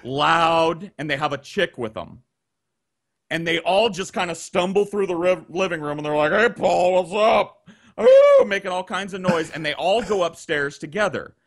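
A man telling a long story on a podcast, animated and profane, acting out the people he quotes, on a video call. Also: on the high side, moderate pace. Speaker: guest storyteller.

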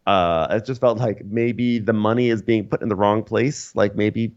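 A man with a very low voice co-hosts a casual podcast, recounting scenes in a wry, meandering way. He pads his sentences with fillers and drily questions what he saw. The recording is a touch dull and lo-fi. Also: steady tone, moderate pace, darkish tone. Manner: wry, rambling storytelling with many fillers. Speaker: podcast co-host. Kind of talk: casual recap chat.

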